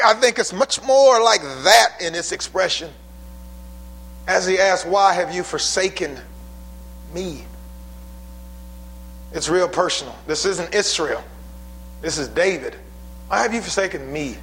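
A male pastor preaching a sermon, building from calm talk to shouted intensity. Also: sits high, measured pace, creaky. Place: church sanctuary.

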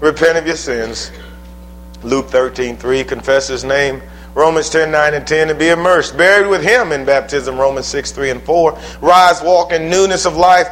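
A man preaching a sermon in a church, with emphatic call-and-response, swinging from loud exclamations to soft pleas. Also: on the high side, normal speed, a little hiss or hum, low-quality recording. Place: church building.

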